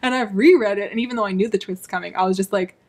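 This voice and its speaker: A woman's voice: medium pitch, steady tone, rapid-fire, darkish tone. A woman hosting a book channel, talking in a chatty, gushing way in a casual vlog.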